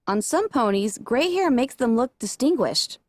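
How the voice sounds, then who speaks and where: Woman narrating a story, voice goes up and down a lot, pretty high, dry close sound. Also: moderate pace, no room sound. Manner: expressive, animated. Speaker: audiobook reader. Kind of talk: first-person story narration.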